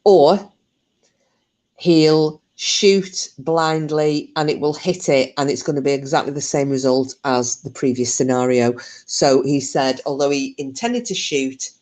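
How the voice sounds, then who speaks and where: A woman's voice: low-pitched, fairly even intonation, unhurried, a little mellow. A woman hosting her channel, casually retelling a true story, chatty, swearing freely and laughing often.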